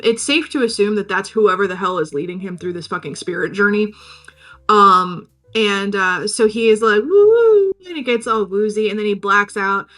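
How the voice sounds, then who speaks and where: Bright, sweary woman telling a story. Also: medium pitch. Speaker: podcast host recapping a film. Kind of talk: casual chat.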